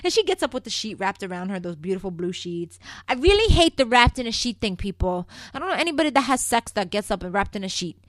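A chatty woman hosts a solo soap-opera recap podcast, talking straight to her listeners and calling them "people." She swings between loud, emphatic bursts and quiet asides. Her voice sits in a middle range and sounds dry and close. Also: medium pitch, big pitch swings, fast talker, no room sound. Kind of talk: casual solo recap show.

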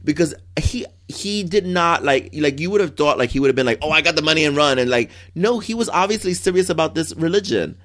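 A man co-hosting a casual chat, gushing and animated, quick to act out characters in little bursts. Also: fairly high pitch. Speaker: soap opera fan co-host.

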